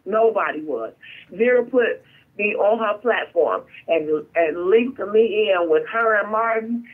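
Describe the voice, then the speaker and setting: A woman's voice: medium pitch, a little slow. A woman calling in by phone as a guest, speaking in an emotional, emphatic way. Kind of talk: phone-in testimony. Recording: tinny phone line.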